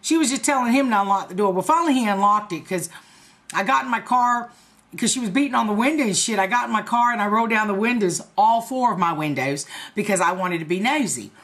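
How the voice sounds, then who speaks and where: A woman's voice: medium pitch, lively intonation, fast talker, a bit bright. A woman in her forties telling a story in a casual, profane, laughing way to her viewers. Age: 40s. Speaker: vlogger.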